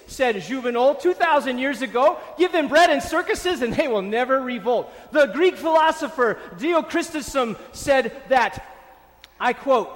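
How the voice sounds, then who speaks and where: A man's voice: very high voice, animated, moderate pace. A man preaching a sermon, stressing and repeating key phrases for emphasis. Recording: long hall reverb.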